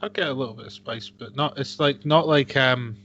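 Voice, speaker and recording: A man's voice: mid-range voice, fairly quick, fairly bright tone. A man co-hosting a casual whisky-tasting podcast, making dry jokey asides and reading out tasting notes. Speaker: podcast co-host. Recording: dull lo-fi home podcast recording.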